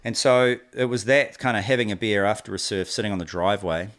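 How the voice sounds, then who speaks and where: A man in his forties with a New Zealand accent speaks quickly in a lowish voice. He's a company co-founder appearing as a guest in a casual interview, telling stories in a relaxed, rambling way and acting out quoted dialogue as he goes.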